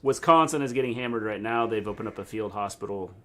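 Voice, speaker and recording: A man's voice: lowish voice, fast talker, bright, forceful tone, slight background noise. A middle-aged man co-hosting a casual livestream chat, making blunt, dry remarks. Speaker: co-host.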